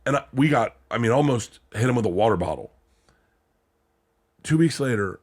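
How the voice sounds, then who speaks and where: A man hosting a podcast, telling animated stories with plenty of swearing and acted-out quotes. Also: medium pitch, normal speed, long pauses. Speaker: podcast host. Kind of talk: casual podcast chat.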